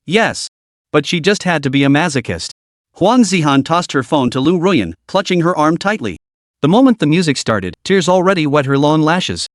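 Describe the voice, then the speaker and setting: A man reads a web novel aloud in scripted narration. His voice sits somewhat high for a man and is recorded dry and close. The reading stays even and steady. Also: moderate pace, dry recording.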